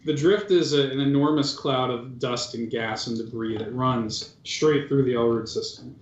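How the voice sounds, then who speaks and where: A man's voice: mid-range voice, fairly even intonation, moderate pace. A man narrating as game master of a tabletop game, in a casual, loose way with many fillers. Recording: dull, roomy recording.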